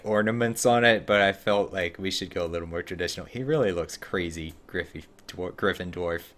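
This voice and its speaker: A man casually commenting while playing a game on a live stream, chatting with viewers between actions. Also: on the low side. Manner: relaxed, chatty, answers viewer chat between gameplay.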